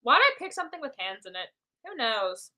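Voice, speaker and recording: Young woman, high-pitched, bright, animated, playful, live drawing stream chat. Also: brisk. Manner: playful, talks to herself while drawing.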